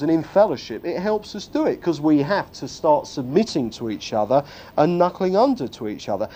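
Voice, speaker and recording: A man preaching a sermon, telling stories with self-deprecating jokes and a lively, animated delivery. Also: high-pitched. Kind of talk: humorous sermon.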